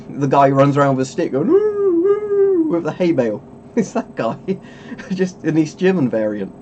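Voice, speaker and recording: A man's voice: medium pitch, lively intonation, normal speed, a little mellow, highs cut off, slight background noise. A man hosting a casual webcam stream, rambling and chuckling as he keeps interrupting himself. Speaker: streamer host.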